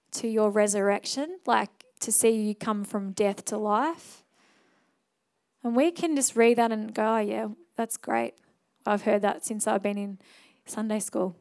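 A young adult woman preaching a sermon in an earnest, conversational way, moving into a quiet prayer and altar call. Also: a little high. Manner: earnest, conversational, fillers and restarts.

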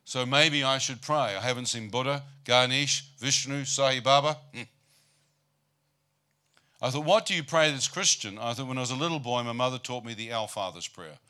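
A man's voice: mid-range voice, normal speed, bright, forceful tone, smooth. A man preaching a storytelling sermon about his own life, mixing humor with rhetorical questions to the congregation. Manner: humorous, asks the crowd rhetorical "how many know" questions. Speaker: preacher giving his testimony.

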